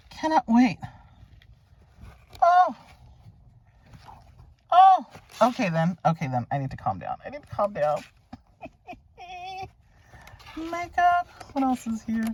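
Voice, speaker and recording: A woman's voice: mid-range voice, slight background noise. A woman vlogger unboxing luxury items in a casual, gushing way, thinking aloud and exclaiming over what she finds.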